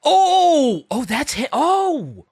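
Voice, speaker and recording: A man's voice: very high voice, huge pitch swings, drawn-out words, a little mellow, no room sound, studio quality. A man in casual podcast chat, reacting eagerly with short interjections. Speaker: podcast co-host.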